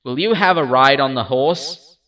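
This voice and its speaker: A man voicing a kindly grown man who gently and persuasively coaxes a lost child, in a storybook narration. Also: mid-range voice, normal speed, distant mic, natural voice. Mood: coaxing.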